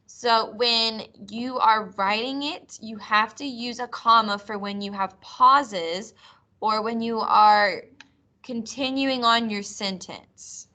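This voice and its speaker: A woman teacher explaining a lesson to her class over a video call, with clear, patient explanations and expressive example sentences. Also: a little high, takes it slowly. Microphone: computer mic on a video call.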